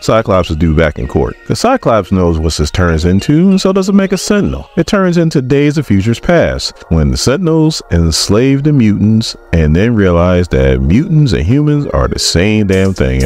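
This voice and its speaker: Deep-voiced sarcastic recap host. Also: male voice, very animated, moderate pace, few pauses, darkish tone, faint music behind. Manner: sarcastic, mocking. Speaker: comic book recap host. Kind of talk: casual comic recap.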